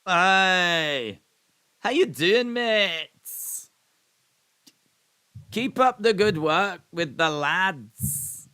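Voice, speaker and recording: A man's voice: high-pitched, expressive, drawn-out words, pauses often, pushed and bright, clean tone, pitched above the performer's own voice, full character voice. A man putting on a cheery Scottish football pundit. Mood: chummy. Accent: attempted Scottish. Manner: chummy, encouraging, exaggerated.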